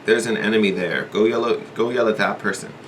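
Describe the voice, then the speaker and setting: A man's voice: fairly low pitch, fairly even intonation, brisk, a little hiss or hum, natural voice. A man voicing a sly, goading devil who tempts the listener with needling questions and urging. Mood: taunting.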